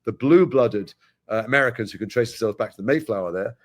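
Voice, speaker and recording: A man's voice: medium pitch, animated, quick pace. A middle-aged British man with an English accent, a guest actor speaking frankly in a live interview with wry asides. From Britain.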